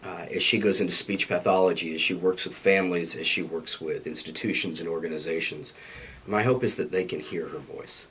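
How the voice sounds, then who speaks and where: A middle-aged man with a husky, sick-sounding voice, answering interview questions in an office, earnest and reflective with self-deprecating humor. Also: sits low, fairly even intonation, brisk, pushed and bright, a little hiss or hum. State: sick, hoarse. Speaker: university staff interviewee. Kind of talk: recorded interview.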